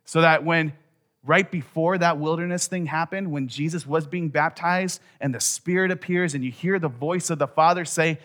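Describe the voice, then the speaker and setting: A man's voice: on the high side, normal speed. Conversational male pastor preaching. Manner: conversational, swings from quiet to loud emphasis. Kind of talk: sermon.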